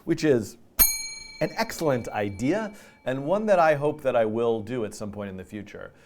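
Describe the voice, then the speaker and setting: A middle-aged man hosts a casual live stream, rambling playfully and poking fun at himself. His pitch swings widely from line to line. He sounds tired and slightly out of breath. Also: expressive, brisk, darkish tone, a little hiss or hum. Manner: playful, rambling, self-deprecating. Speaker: host.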